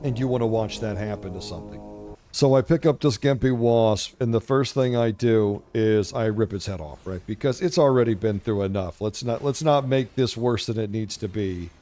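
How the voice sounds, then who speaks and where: A man's voice: fairly low pitch, normal speed, dark tone, soft background music. A middle-aged man hosting a gaming channel, telling rambling, profane, jokey stories over gameplay commentary. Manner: profane, brash, jokey storytelling.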